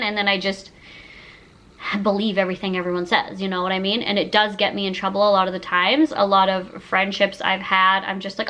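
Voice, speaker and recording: A YouTuber of about thirty talks casually to the camera in a sit-down chat, emotional and gushing, peppering her speech with "like." Her mid-range voice is steady, brisk, bright, and forceful, though the recording quality is low.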